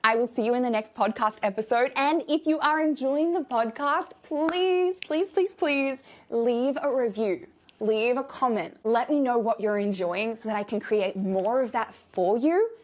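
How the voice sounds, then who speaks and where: A woman's voice: fairly high pitch, normal speed, few pauses. A woman closing her podcast episode, upbeat and pleading with listeners to leave a review. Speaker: podcast host. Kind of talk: podcast outro.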